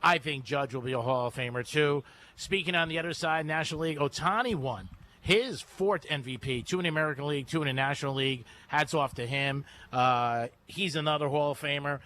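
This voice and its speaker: A man hosting a radio sports betting segment, talking in a brisk, breezy, chatty way into a studio microphone. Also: a little high, pushed and bright, slight background noise. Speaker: radio host.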